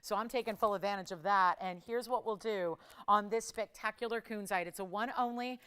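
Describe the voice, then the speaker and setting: A woman's voice: a bit bright, clear, resonant tone. Chatty woman hosting a TV jewelry sale. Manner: upbeat, chatty, fast-moving pitch. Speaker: jewelry shopping show host. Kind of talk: live TV shopping sales pitch. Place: TV studio.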